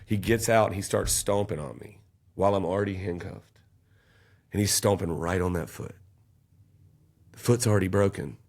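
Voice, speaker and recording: A man's voice: sits low, normal speed, vocal fry, pauses often, a little mellow. A man, telling an intense, emotional personal story as a podcast guest. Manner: intense, emotional storytelling, raising his voice at peaks.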